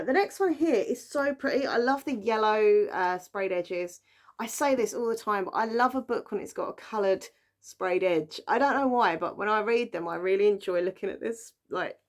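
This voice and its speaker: A young woman chatting casually about books she bought, rambling with plenty of fillers. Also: medium pitch. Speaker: book vlogger. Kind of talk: casual book haul chat.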